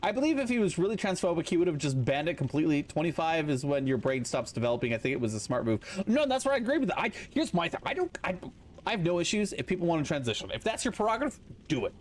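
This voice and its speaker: A man in his thirties with a high voice, talking to his stream chat while he plays. His pitch jumps around a lot as he gives blunt opinions and swears often. A faint hum of room ambience sits underneath. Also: very animated, fast. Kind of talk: casual chat to stream viewers while gaming.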